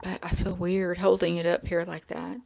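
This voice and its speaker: Woman vlogger with a crackly, gravelly fry, chatting aimlessly and poking fun at herself, seated at home. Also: on the low side, level tone, normal speed, a little mellow. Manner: rambling and self-deprecating, loses her train of thought. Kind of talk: casual chat to camera. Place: indoors at a table with a laptop. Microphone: small handheld microphone.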